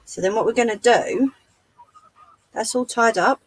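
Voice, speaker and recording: A woman hosting a live sewing tutorial, chatting to her viewers as she works, her voice going a little hoarse. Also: on the high side, a little slow, dry recording, poor audio. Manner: chatty, talks to live chat while demonstrating. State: losing her voice. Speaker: craft livestream host.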